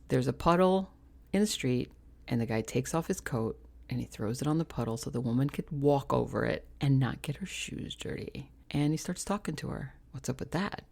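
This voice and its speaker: A woman's voice: a bass voice, gravelly, dark tone. A woman chatting to camera with opinionated dating advice, counting off a numbered list. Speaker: vlogger giving dating advice. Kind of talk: casual talk to camera.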